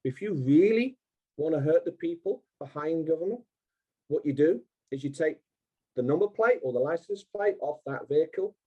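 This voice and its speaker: A man's voice: a little high, expressive, normal speed, breathy edge, muffled recording. A man speaking emphatically on a call, repeating his points and acting out imagined exchanges. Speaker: guest speaker. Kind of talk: animated call talk.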